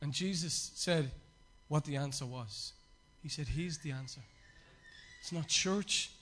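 A man's voice: a little high, a little slow, fairly bright tone. A man, a pastor, preaching a sermon with emphatic repetition and frequent fillers.

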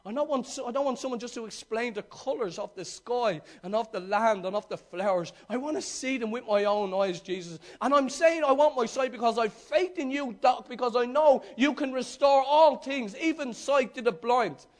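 A man's voice: very high-pitched, moderate pace, few pauses. A male preacher voicing the blind beggar Bartimaeus, speaking earnestly and pleadingly.

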